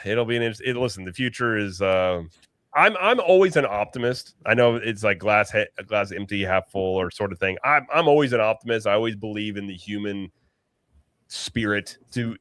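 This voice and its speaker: A man with a slightly low voice hosts a relaxed late-night livestream chat. He talks in a loose, chatty way, often restarting mid-sentence. The sound is dry and close. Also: moderate pace, clear, resonant tone, no echo. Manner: chatty, restarts and self-corrections. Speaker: podcast host.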